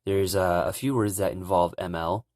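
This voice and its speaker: A young man giving a relaxed, casual language lesson, calmly explaining pronunciation. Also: deep voice, dry recording, clean studio sound. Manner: relaxed, repeats sounds slowly and loudly to demonstrate. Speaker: language teacher.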